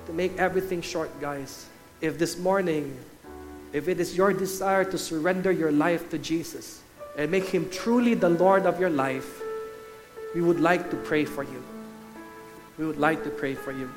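A man's voice: fairly high pitch, moderate pace, faint music behind. A middle-aged man with a Filipino English accent, preaching an earnest sermon that builds to fervent peaks and calling the congregation "guys.". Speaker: pastor. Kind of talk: sermon with altar call.

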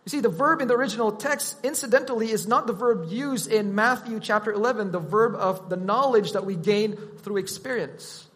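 A man preaching a sermon, teaching in a deliberate, emphatic way. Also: high-pitched, fairly bright tone, in a large hall.

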